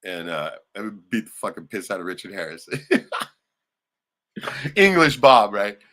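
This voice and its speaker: A man hosting a casual livestream, rambling and swearing often, suddenly turning loud and excited. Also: lowish voice, measured pace. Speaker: livestream host.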